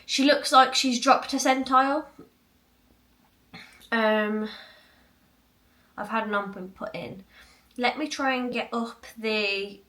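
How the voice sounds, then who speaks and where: A woman's voice: fairly high pitch, steady tone, slow pace, pauses often, fairly bright tone, distant mic. Chatty woman in a roomy home. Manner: chatty, rambling, many fillers. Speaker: vlogger. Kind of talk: casual chat to camera. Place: cluttered home room.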